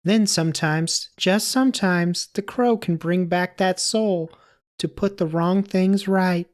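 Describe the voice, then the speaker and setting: A man's voice: high-pitched, steady tone, slow, pitched above the performer's own voice. A man voicing a young girl narrator, telling a sad tale in a raised, solemn voice.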